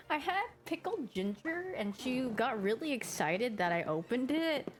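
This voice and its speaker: A woman's voice: high-pitched, sing-song, slow, soft background music. A woman streamer chatting casually and giggling, acting out her pet's reactions as she talks. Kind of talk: casual chat.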